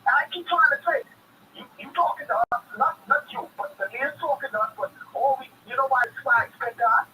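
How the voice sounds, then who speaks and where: A man's voice: very high-pitched, animated, quick pace, sharp tone, recorded from a distance, a little hiss or hum, poor audio. A Bahamian man calling in to a radio show with a heated, repetitive rant, talking street-style. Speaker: caller. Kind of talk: impassioned call-in rant.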